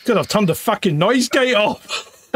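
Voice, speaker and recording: A man's voice: sits high, a bit bright, slightly rough. A man co-hosting a live-streamed chat show, sweary and teasing, who laughs often. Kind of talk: casual chat. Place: home.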